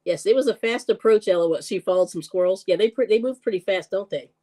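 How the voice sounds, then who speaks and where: A woman hosting a live-stream cooking show, chatting casually, laughing often and greeting viewers with excited squeals. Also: medium pitch, fast talker.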